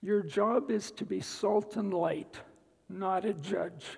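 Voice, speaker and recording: A man giving a guest talk at church, telling a personal story in an unhurried way with dry asides. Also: sits high, vocal fry, darkish tone, husky, big-room sound, low-quality recording. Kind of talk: sermon-style personal testimony. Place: church sanctuary.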